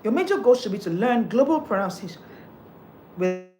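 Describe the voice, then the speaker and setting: A woman's voice: on the high side, expressive, moderate pace, darkish tone. A woman, coaching listeners on how they speak, emphatic and repetitive as she drives each point home. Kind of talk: motivational coaching talk.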